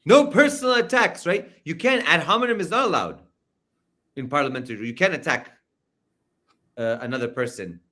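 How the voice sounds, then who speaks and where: A man giving casual political commentary over a video call, animated and full of fillers. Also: medium pitch, brisk, long pauses. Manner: animated, filler-heavy, loud mimicking outbursts.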